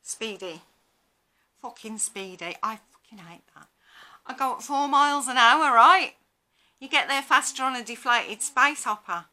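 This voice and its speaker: Bright, sarcastic woman vlogger. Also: high voice, normal speed. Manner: blunt, sarcastic, swears. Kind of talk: casual storytelling monologue.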